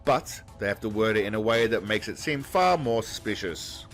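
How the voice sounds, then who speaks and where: A man doing a deadpan, sarcastic comedy voice-over that mocks the footage. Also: fairly low pitch, moderate pace, faint music behind. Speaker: comedy narrator. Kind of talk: mocking commentary voice-over.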